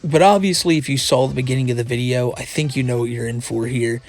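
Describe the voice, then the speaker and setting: A man's voice: medium pitch, steady tone, fast talker. A man hosting a casual video commentary, rambling and swearing freely. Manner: rambling, profane, restarts a lot. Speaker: commentary host.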